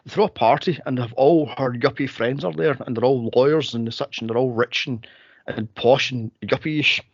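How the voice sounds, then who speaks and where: A man co-hosting a podcast in casual chat, animated and laughing often, jumping into high squeals to act out scenes. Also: normal speed, breathy edge, dry recording. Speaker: podcast co-host. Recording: dull lo-fi dry sound.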